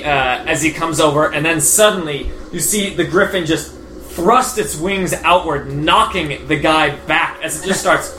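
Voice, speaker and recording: A man narrating as game master in a tabletop game, telling the scene in a loose, halting way. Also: on the high side, fairly bright tone. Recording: echoey room with background noise.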